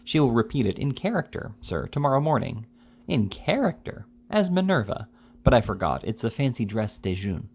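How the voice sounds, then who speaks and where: A man reading the part of a grave, pompous gentleman who flatters his guest in formal speech full of "sir". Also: mid-range voice, moderate pace, slightly rough. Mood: fawning.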